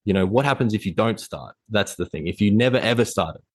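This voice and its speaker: A man's voice: lowish voice, animated, quick pace, dry recording. A man guesting on a podcast as a fitness coach, talking intensely and bluntly in a motivational way. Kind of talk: casual interview chat.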